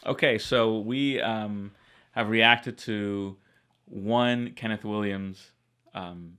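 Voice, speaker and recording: An American man co-hosts a casual reaction video. He asks questions in a measured way, with a very deep voice. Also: steady tone, sharp tone, soft background music. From United States. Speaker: channel co-host.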